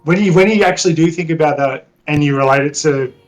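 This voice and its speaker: A man appearing as a guest on a casual podcast, answering thoughtfully with soft hedges. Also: on the high side, fast talker, faint music behind, rough recording. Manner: thoughtful, hedging with 'sort of' and 'like'. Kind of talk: casual chat.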